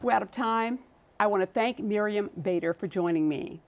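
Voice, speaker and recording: A woman's voice: medium pitch, moderate pace. A woman hosting a TV interview show in a studio, asking questions and reading a composed, scripted sign-off. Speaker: TV interview host.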